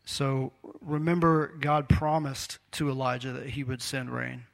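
A man's voice: medium pitch, flat delivery, a little slow, creaky. A man preaching a sermon in a conversational, storytelling way, acting out the quotes he tells.

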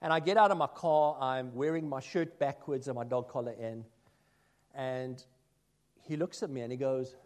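A man preaching a sermon as a minister, telling self-deprecating stories that swing between loud asides and hushed remarks. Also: mid-range voice, moderate pace. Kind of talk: sermon with personal anecdotes.

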